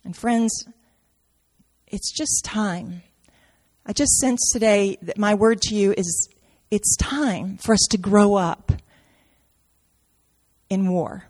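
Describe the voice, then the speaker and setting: A woman preaching a sermon with great drama, dropping to near-whispers and rising to shouts. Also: medium pitch, long reverb tail. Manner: dramatic, swings from soft to shouting, acts out quotes.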